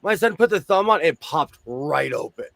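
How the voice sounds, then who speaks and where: A man's voice: fairly high pitch, expressive, normal speed, gravelly, a bit bright, no room sound. A man hosting a casual chat, joking around while losing his voice. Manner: chatty, joking asides. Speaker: host.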